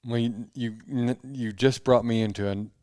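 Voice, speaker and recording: Smooth-voiced man co-hosting. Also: medium pitch, fairly even intonation, darkish tone, dry recording, studio quality. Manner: halting, many false starts. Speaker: podcast co-host. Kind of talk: casual chat.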